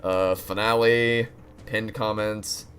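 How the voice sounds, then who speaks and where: A man's voice: on the low side, flat delivery, slow, a bit bright, smooth. A young man streaming a game, rambling candidly with frequent restarts and profanity. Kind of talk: live-stream chat while gaming.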